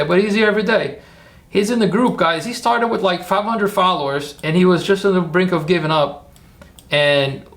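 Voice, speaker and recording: A man's voice: high-pitched, gravelly, fairly bright tone. A man hosting a casual livestream, chatty and rambling as he talks viewers through his steps and cheers them on. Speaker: livestream host.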